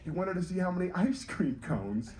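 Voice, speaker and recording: A man's voice: sits high, normal speed. A man from North Carolina doing clean stand-up on a cruise ship stage, teasing the audience and chatting with kids. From North Carolina, USA. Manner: animated, teasing audience banter. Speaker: stand-up comedian.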